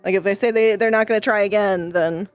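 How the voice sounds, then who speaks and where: A woman's voice: medium pitch, fairly even intonation, fast, no room sound, faint music behind. A woman streamer venting to her chat in casual talk, frustrated, swearing often and stumbling over restarts.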